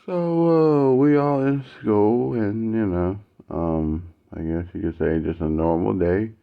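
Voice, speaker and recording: A man casually telling a personal story in animated, slangy speech, acting out the dialogue. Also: lowish voice, slow, gravelly. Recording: tinny phone-like audio.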